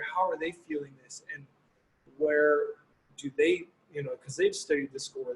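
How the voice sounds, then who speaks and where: A horn player appearing as a guest on a video call gives thoughtful, rambling answers heavy with "you know" and "like." His voice is fairly high and husky, and the recording is low quality.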